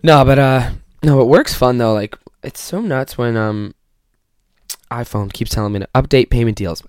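A man's voice: medium pitch, lively intonation, moderate pace, a little mellow, no room sound. Profane rambling young man podcasting. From Canada. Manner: profane, self-mocking, rambling storytelling. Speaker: podcast host. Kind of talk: casual solo podcast monologue. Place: bedroom.

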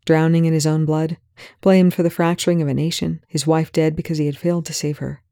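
A reader narrating a fan fiction chapter in a measured way, sometimes dropping to a whisper. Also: medium pitch, little pitch movement, dark tone, no room sound. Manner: measured, drops to whispers at tense moments. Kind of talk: audiobook narration. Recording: dry close recording.

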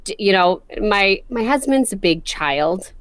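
A woman in her thirties co-hosting a casual chat, reacting quickly and expressively. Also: mid-range voice, animated, a bit bright, smooth, dry recording, clean studio sound. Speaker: co-host.

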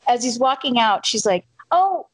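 A middle-aged woman co-hosting a casual chat, telling an animated story and acting out the quotes. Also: mid-range voice, no room sound, rough recording. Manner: animated, acts out quotes, quick asides.

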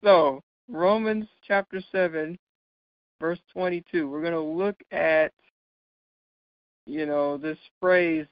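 A man's voice: on the high side, fairly even intonation, takes it slowly, long pauses, no echo. A man teaching a Bible study lesson, explaining patiently and checking in often with his listeners. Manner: checks in often with "right?" and "okay?"; explains patiently with light laughs. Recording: dull, dry lo-fi recording.

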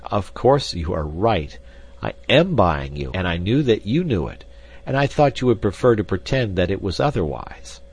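A man's voice: low-pitched, big pitch swings, normal speed, breathy edge, exaggerated voice. A man reading the part of an arrogant wealthy man, cold and mocking toward the woman he intends to marry.

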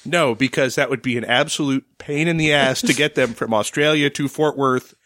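A man's voice: medium pitch, normal speed, a bit bright, no room sound. A man co-hosting a casual podcast, steadily reading out news items with dry replies. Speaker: podcast co-host. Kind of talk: casual chat.

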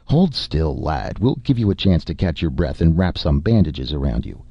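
A man voicing a big gruff barbarian warlord with a deep, rumbling voice, rueful and amused. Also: big pitch swings, normal speed, no echo, exaggerated voice. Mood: gently gruff. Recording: dull lo-fi recording.

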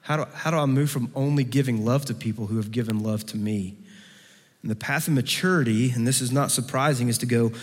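A man preaching a sermon who acts out quoted voices and moves between soft, low passages and lively, raised ones. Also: a little fast. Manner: acts out quoted voices with big pitch swings. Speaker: pastor. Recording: long hall reverb.

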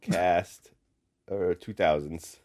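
A young man co-hosting a podcast, chatting casually, animated and quick to laugh. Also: low-pitched, a little hiss or hum. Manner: animated, laughing, exclaims in bursts. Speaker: podcast co-host. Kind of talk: casual chat.

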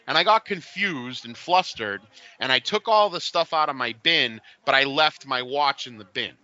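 Guy in his 40s, super bright voice, kinda high, chatty storyteller doing all the voices, dry dull podcast sound. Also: dry recording. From Boston area. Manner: animated storyteller, acts out quoted voices. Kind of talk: casual chat, storytelling.

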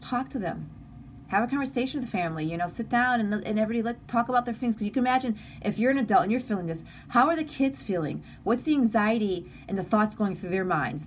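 A woman's voice: mid-range voice, slight background noise. Earnest, emotional woman live-streaming. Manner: earnest, emotional, encouraging, with many restarts. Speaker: livestream host. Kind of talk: live-stream chat reading comments.

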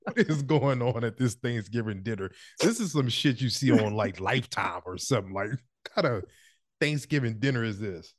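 A man's voice: mid-range voice, lively intonation, moderate pace, dry recording, clean studio sound. A man co-hosting a sports podcast in casual chat, teasing and laughing often. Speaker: podcast co-host.

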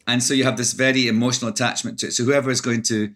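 A man's voice: mid-range voice, little pitch movement, racing, a bit bright. A Scottish man, an actor and author, talking in an interview, thoughtful, with many restarts and hesitations. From Scotland. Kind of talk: interview conversation.

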